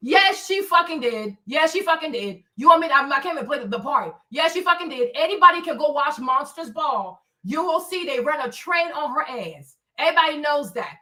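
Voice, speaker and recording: A woman from Africa hosts a livestream in a high, animated voice, talking a little fast with hardly any pauses and a bright, forceful tone. She rants solo, bluntly, profanely and confrontationally, tagging lines with "right?", and her mic sounds slightly distant.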